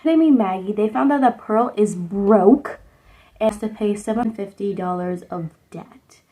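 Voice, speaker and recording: A woman's voice: mid-range voice, moderate pace, mellow, rough recording. A young woman vlogger recapping a movie in a casual, rambling way, with lots of "like" fillers, talking at home. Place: indoors at home under a sunset lamp.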